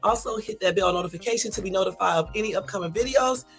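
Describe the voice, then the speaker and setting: Tired, breathy woman, rambling live-stream host talking to her viewers, faint music underneath. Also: mid-range voice, fast. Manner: chatty, loose and rambling, addresses viewers as y'all. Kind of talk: casual live-stream chat.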